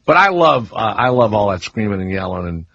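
A middle-aged man with a softened Southern accent, hosting a radio talk show and telling lively stories. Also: fairly low pitch, a little fast, a little hiss or hum. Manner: animated storyteller, mimics announcers. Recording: dull, slightly lo-fi radio studio sound.

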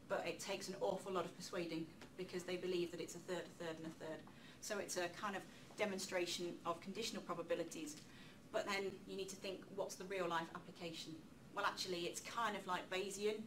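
A woman giving a public talk in a lecture room, lively and chatty, with self-deprecating asides. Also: mid-range voice. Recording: distant mic with faint room noise.

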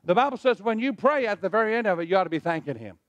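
A man's voice: high voice, expressive, rapid-fire, dry recording, dull audio. A middle-aged male pastor preaching a sermon, leading the congregation in call-and-response. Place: church sanctuary.

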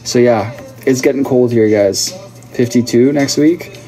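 A man talks to his viewers in a relaxed, joking live chat, teasing them as he answers comments. His voice sits in a middle pitch and has a dark, mellow tone. Soft music plays faintly behind him. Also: a little slow. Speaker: livestream host.

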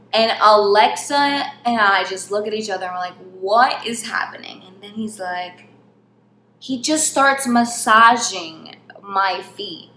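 A young woman from New York telling a funny travel story in a casual, animated way, laughing often and saying "like" a lot. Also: mid-range voice. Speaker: vlog host. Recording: echoey room with faint hiss.

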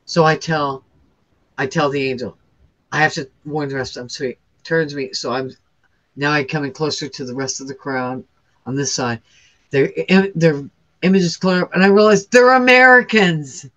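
A woman's voice: low voice, normal speed, fairly bright tone, lo-fi sound. A woman guest earnestly recounting her near-death experience, intense and emotional, often restarting her sentences. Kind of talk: emotional first-person storytelling.

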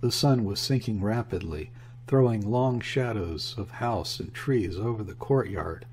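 A man narrating a classic novel as an audiobook, reading in a measured, even way. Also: on the low side, a little hiss or hum.

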